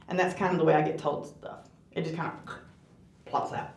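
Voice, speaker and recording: A woman's voice: sits low, steady tone, moderate pace. Earnest woman giving testimony in a church. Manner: earnest, conversational, asks the audience questions. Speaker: guest speaker. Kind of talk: personal testimony talk. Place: church hall. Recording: roomy church hall.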